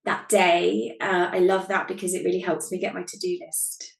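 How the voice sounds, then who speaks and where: A woman's voice: on the low side, flat delivery, moderate pace, gravelly, reverberant. A British woman guesting on a podcast, talking casually and laughing at herself. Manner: talkative, giggly, self-deprecating.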